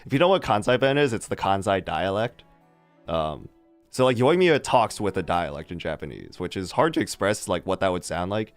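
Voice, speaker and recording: A streamer chatting casually with a live chat, animated and rambling, laughing often. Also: sits low, moderate pace, dry recording, soft background music.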